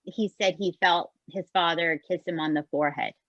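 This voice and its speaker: A woman co-hosting a podcast, chatting in an expressive way and often asking "right?". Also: lowish voice, normal speed, no echo, dull audio. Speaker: podcast co-host. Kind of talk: casual chat recapping a show.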